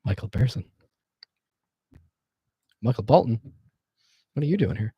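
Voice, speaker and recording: A man's voice: mid-range voice, very animated, measured pace, breathy edge, dry recording, dull audio. A man streaming as game master, wrapping up a tabletop session in loose, rambling casual chat with frequent swearing.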